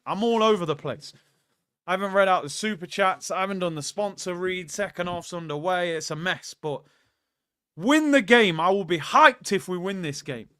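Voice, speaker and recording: A man's voice: sits high, fairly bright tone, clear, resonant tone, no echo, clean studio sound. A young man hosting a live football watchalong, ranting heatedly and reading out viewer messages. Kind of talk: live reaction commentary.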